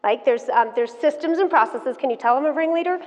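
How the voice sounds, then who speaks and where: A woman in her thirties giving a motivational keynote talk, telling her story in an animated, frank and playful way to the audience. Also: sits high, fairly quick. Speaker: keynote speaker. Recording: dull sound, long hall reverb.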